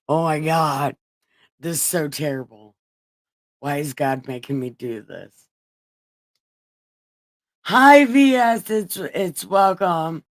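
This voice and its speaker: Speaking slowly in a low pitch with long pauses, a woman runs a laid-back livestream Bible reading. She chats with her audience crudely, cursing and laughing along the way.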